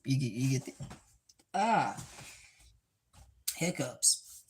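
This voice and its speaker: A goofy, rambling streamer talks slowly and loosely while cooking in a home kitchen. The voice sits at a middling pitch. The recording has a clearly audible noise floor with clicks. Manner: goofy and rambling, with sound effects. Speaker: livestream host. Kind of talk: casual cooking livestream chat. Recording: noisy with clicks.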